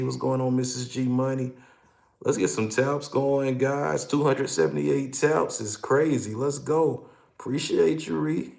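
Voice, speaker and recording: A man's voice: mid-range voice, vocal fry, a little mellow. A man hosting a livestream as a hypnotist, greeting viewers by name in an upbeat, coaching way. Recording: echoey room.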